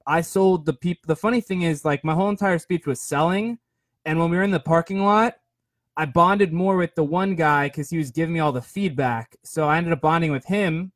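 A man's voice: fairly high pitch, dry recording. Chatty young man, dry close sound. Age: 20s. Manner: rambling, filler-heavy, self-deprecating. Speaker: podcast host. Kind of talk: casual storytelling monologue.

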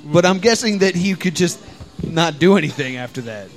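A young man hosts a podcast in a high, very lively voice that swings up and down. He is playful, steering the chat and tossing questions to his co-hosts. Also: moderate pace, soft background music. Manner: playful, leads the segment and asks the questions. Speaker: podcast host.

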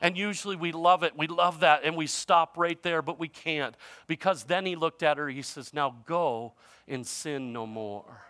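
A male pastor preaching a sermon in a conversational way, using informal grammar, his voice shifting from loud emphasis to quiet. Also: a little high, fairly even intonation, normal speed, few pauses, dry recording.

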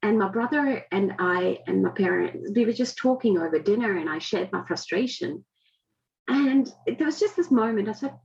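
A woman's voice: mid-range voice, animated, moderate pace, creaky, darkish tone. A woman in her forties with an adapted Indian-heritage Australian accent, telling her story as an interview guest in an earnest, reflective way. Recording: dull lo-fi audio.

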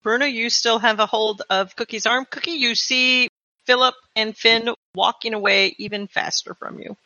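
A woman's voice: on the high side, normal speed, pushed and bright, dry recording, highs cut off. A woman game master narrating and asking her players about their actions. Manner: checks actions, asks players questions.

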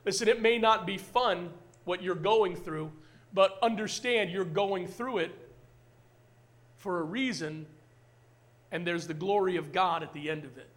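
A male pastor preaching with a notably high voice. He talks to the congregation in an easy, conversational way, sprinkling in "man" and repeating phrases. His delivery moves between hushed, soft passages and stronger, emphatic ones. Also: a little slow. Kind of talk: sermon.

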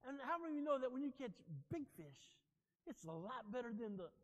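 A male pastor preaching a sermon, telling stories in an animated way and joking with his congregation. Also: extremely high pitch, fast, in a large hall. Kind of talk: sermon with personal storytelling.

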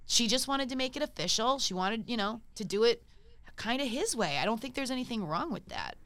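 A woman hosting a podcast in casual chat, talking fast and loose with lots of filler words. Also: fairly high pitch, lively intonation, fairly bright tone, dry recording. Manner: chatty, heavy use of "like", swears casually. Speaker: podcast host.

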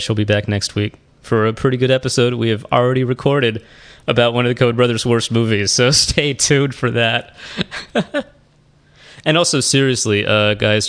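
A man's voice: medium pitch, fairly bright tone. A man hosting a podcast, talking casually and poking fun at himself, often trailing off and restarting. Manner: chatty, self-deprecating, trails off and restarts. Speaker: podcast host. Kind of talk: casual podcast chat and solo wrap-up.

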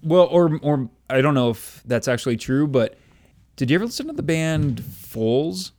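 A man's voice: on the high side, very animated, normal speed, darkish tone. A young man in casual chat, telling stories full of fillers and self-deprecating asides. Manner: rambling storyteller, filler-heavy, self-deprecating.

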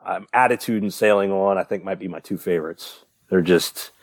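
A man's voice: low voice, a little fast, gravelly, dry recording, clean studio sound. A young man, a podcast co-host, rambling through a casual story with lots of fillers and the odd swear. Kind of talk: casual chat.

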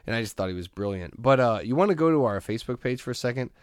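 A man hosting a podcast in casual chat, telling stories in a rambling, animated way and laughing often. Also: mid-range voice, very fast, smooth, no room sound, studio quality. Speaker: podcast host.

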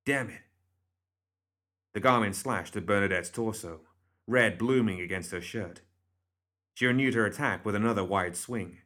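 A man reading a story aloud as audiobook narrator, in a steady, measured way. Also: lowish voice.

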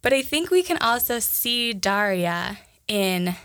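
A young woman with a Minnesota accent chats casually as a podcast co-host, rambling through fillers and restarts. Her voice has a gravelly fry, and the sound is close and dry. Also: mid-range voice, big pitch swings, takes it slowly, fairly bright tone, no room sound. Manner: chatty, many fillers and restarts. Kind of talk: casual chat.

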